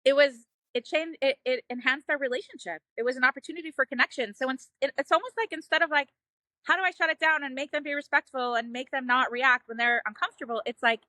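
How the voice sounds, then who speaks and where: High, bright earnest woman. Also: fast, no room sound. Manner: earnest, emotional, frequent "like" and "you know". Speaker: parenting guest, mother. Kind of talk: heartfelt personal storytelling.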